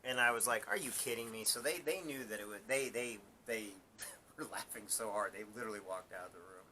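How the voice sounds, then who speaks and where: Bright-voiced man telling an army story. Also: fairly low pitch, a little fast, slight background noise. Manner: rambling, laughs at his own story, repeats words. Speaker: live-stream host, former Marine sergeant. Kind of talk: casual storytelling on a live stream.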